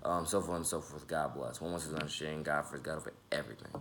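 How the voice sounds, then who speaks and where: A young man in his twenties talks loosely to his viewers in a deep voice. His tone has a bright, forward edge, and he rambles, trips over his words and fills gaps with ums and repeats. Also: steady tone, fast talker, a little hiss or hum. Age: 20s. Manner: rambling, stumbles and repeats words, many fillers. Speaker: independent rapper and YouTuber. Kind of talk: casual vlog talk to the camera.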